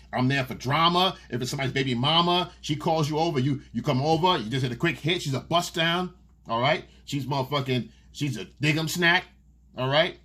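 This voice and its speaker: A man's voice: fairly high pitch, sharp tone, breathy edge. A man giving casual dating advice in a monologue. He is blunt and profane and keeps asking "okay?". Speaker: dating coach.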